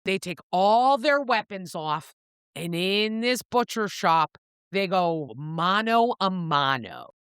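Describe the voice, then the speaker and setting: A woman co-hosting a book podcast, recapping the plot in a casual, animated way, swearing and acting out the characters' lines. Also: slow pace, clean tone, no room sound, clean studio sound. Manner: animated storyteller, swears freely, acts out quotes with pitch jumps. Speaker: podcast co-host.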